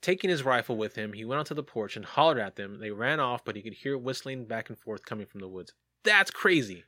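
Man, podcast host, mid-pitched voice, dry close sound, jokey asides. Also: expressive, fairly quick, sharp tone, no echo. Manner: jokey, reads reports aloud with asides. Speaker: podcast host reading sightings. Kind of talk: casual podcast chat.

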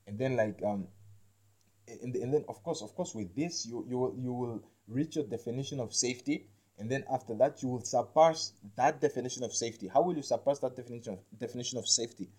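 Hosting an episode on spiritual healing, a man with a mellow, mid-range voice talks in a halting, rambling way full of restarts and repeated words. Slangy "man" and "like" come up constantly, as does his question "you understand me?"

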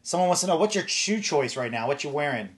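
A man's voice: fairly high pitch, expressive, fast. Laid-back American male host. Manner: easygoing, laughs often, reads viewer questions. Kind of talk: casual interview chat.

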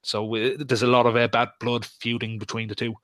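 A man's voice: mid-range voice, flat delivery, a little fast, fairly bright tone, no room sound. Guy chatting on a podcast, lots of uhs and restarts, dry sound. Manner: hesitant, many fillers and restarts. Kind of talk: casual podcast chat about wrestling.

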